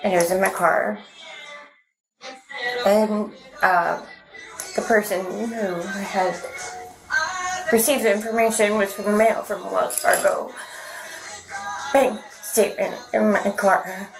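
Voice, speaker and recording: A woman's voice: medium pitch, steady tone, slow, gravelly, pauses often, over music, rough recording. A woman questioned by police as a suspect, answering in a rambling, hesitant and defensive way. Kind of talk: police interview.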